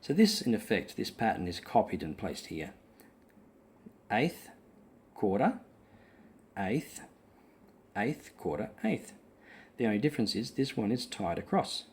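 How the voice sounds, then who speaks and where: A man's voice: fairly low pitch, sing-song, fairly quick, breathy edge. Patient man explaining rhythm on guitar. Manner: patient, explanatory, with frequent ums; counts and sings the beats aloud. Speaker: guitar teacher. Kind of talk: explaining rhythm in an online lesson.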